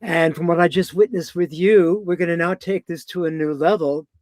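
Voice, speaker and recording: Man, fairly high voice, dry close sound; poetic, incantatory delivery on a video call. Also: steady tone, a little mellow, no room sound. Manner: poetic, incantatory, drawn-out phrasing. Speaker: guest on a live video talk. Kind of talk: casual spiritual conversation.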